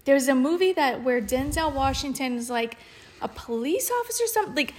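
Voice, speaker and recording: A woman's voice: high-pitched, expressive, brisk. A woman with a New Orleans accent, chatting casually and telling stories animatedly as a podcast co-host. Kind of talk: casual chat.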